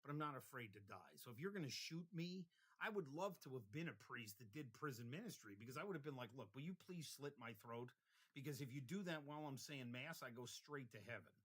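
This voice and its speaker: A young man talking casually in a rambling vlog monologue, drifting between tangents and getting loud when worked up. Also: mid-range voice, expressive, a little fast, breathy edge, rough recording. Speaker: vlogger.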